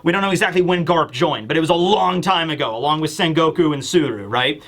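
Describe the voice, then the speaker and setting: A high, bright man's voice with a sharp edge runs through this casual manga review. He is from the United States and talks in a lively, rambling way, full of "like" and quick laughs. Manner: animated, laughs often, lots of filler words. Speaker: host.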